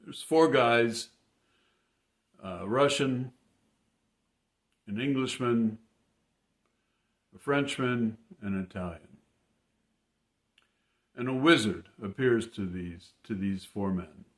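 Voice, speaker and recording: A man telling an anecdote in a casual, halting way, often repeating words. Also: medium pitch. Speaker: storyteller. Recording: roomy echo.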